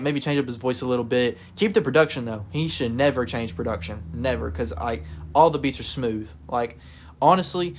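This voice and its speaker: Male reviewer, casual talk, middle pitch, rambling delivery with fillers and self-corrections. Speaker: music reviewer.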